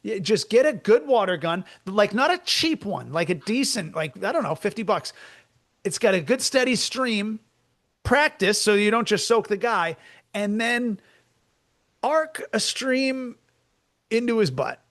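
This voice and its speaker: A man co-hosting as a comedian, talking in a rambling, joking, animated way in casual chat. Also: sits high, a little slow. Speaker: comedian co-host.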